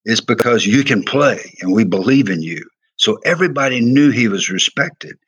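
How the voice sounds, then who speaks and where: A man's voice: medium pitch, expressive, moderate pace, fairly bright tone, breathy edge. An older man with a Southern accent, a former football player and coach telling earnest, emphatic stories in an interview. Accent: American Southern. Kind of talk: storytelling interview.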